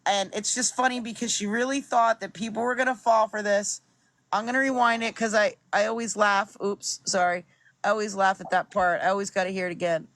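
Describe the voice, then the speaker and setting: A woman's voice: medium pitch, fairly even intonation, a little fast, a bit bright, no echo. A woman giving chatty, amused commentary on a video she is playing. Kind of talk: casual commentary.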